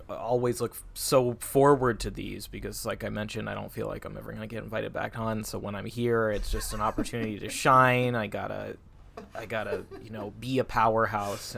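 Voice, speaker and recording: A man's voice: on the low side, creaky, a bit bright. A man appearing as a podcast guest, self-deprecating and hesitant, with fillers and restarts. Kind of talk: casual podcast chat.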